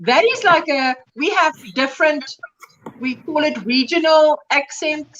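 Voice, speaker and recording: A woman hosts a casual livestream chat in a slightly high voice. She reads out viewer comments and adds her own thoughtful remarks. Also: measured pace, a bit bright, lo-fi sound, a little hiss or hum. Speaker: livestream host reading comments.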